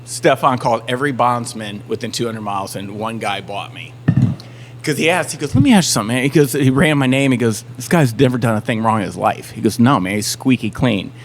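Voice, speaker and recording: A man's voice: medium pitch, brisk, slight background noise. A man from the Southern United States, a band member telling a story on a podcast and acting out everyone's lines. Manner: animated storyteller acting out quotes.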